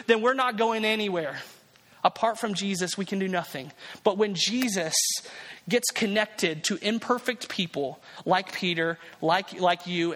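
High-voiced preaching man in a reverberant hall. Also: a bit bright. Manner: earnest preaching, rising to emphatic peaks with many repeated restarts. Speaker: pastor. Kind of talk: sermon.

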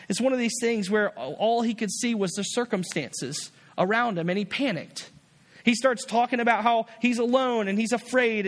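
A man's voice: sits high, in a large hall. A man preaching a sermon as a pastor, earnest and repetitive, often restarting his phrases.

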